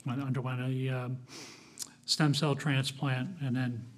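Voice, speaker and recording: A man speaking from the pulpit of a church, telling his own story. He talks in a plain, conversational way, pausing often with small fillers. His voice sits at an ordinary middle pitch. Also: flat delivery. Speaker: guest speaker. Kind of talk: personal testimony sermon.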